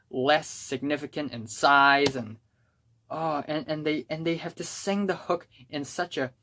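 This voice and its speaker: A young adult music reviewer holding forth in an unscripted, casual style. The delivery is blunt and exasperated, like someone ranting about records they can't stand. The voice sits at a middling pitch. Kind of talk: casual spoken album review.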